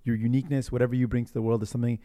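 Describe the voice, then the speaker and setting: A man in his forties, a politician guest on a casual podcast, telling animated stories and laughing often. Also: medium pitch, racing, no echo.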